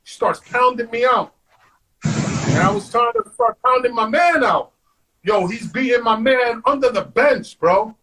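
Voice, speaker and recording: A man, a guest on an interview show, telling stories in an animated way, acting out quotes and saying "man" all the time. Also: very high-pitched, unhurried, husky, poor audio. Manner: animated, acts out quotes, says "man" constantly. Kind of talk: storytelling.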